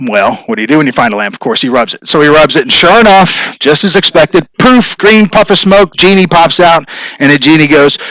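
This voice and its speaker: A man's voice: a little high, animated, fairly quick, bright, forceful tone, no room sound, poor audio. A man hosting a casual live stream from his showroom, rambling along and telling corny jokes. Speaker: host of a live stream show.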